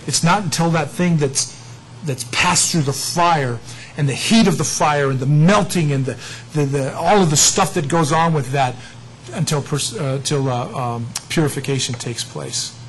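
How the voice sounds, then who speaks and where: Male pastor, middle-aged, high voice, chatty self-mocking Bible teaching, faint hiss behind. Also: moderate pace, poor audio. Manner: conversational, animated, self-mocking.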